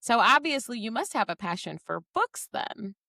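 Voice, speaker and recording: Bright, lively woman host. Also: a little high, vocal fry, dry recording, clean studio sound. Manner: encouraging, quick affirmations. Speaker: podcast host. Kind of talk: interview chat.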